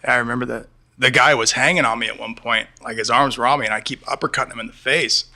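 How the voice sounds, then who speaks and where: Fast-talking man with a bright voice. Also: mid-range voice, fairly even intonation. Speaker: podcast guest, former fighter. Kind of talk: casual conversation.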